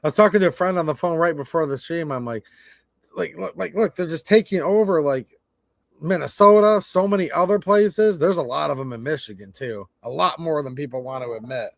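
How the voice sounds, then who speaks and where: Brief: man in his forties, high voice, dry close sound, casual livestream rant, stammers and rambles. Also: brisk, creaky, no echo. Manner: rambling, stammering, frustrated and blunt. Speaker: livestream host.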